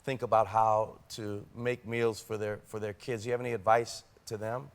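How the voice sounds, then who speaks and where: A man's voice: lowish voice, level tone, moderate pace. A man hosting a daytime talk show, interviewing a guest in an effusive, complimentary way. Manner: warm and effusive.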